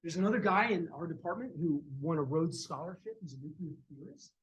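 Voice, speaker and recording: A man giving a university physics lecture, telling lively stories about his colleagues. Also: on the high side, a little fast, dull audio. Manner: lively storytelling, acts out quoted colleagues. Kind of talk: university lecture with personal anecdotes. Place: lecture room. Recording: distant mic with faint background noise.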